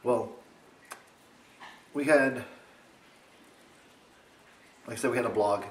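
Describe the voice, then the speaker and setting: A young man casually telling a funny story to his camera at home, rambling and animated. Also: slow pace, reverberant, slight background noise. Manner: rambling, animated, mimics others in high voice. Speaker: vlogger. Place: home, indoors.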